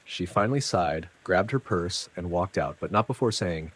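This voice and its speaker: A man with a low, husky voice reads a first-person story aloud. He tells it dramatically and conversationally, dropping casual asides to the listener. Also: lively intonation, moderate pace. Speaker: narrator.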